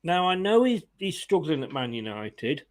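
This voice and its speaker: A man hosts a casual fan channel live stream, chatting, laughing often and greeting viewers while reading their comments aloud. His voice is on the high side, with big pitch swings and normal speed.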